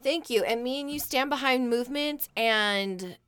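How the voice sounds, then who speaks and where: A woman's voice: on the high side, normal speed, a bit bright, smooth. A woman co-hosting a podcast, chiming in with joking, supportive banter. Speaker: podcast co-host. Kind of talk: casual chat.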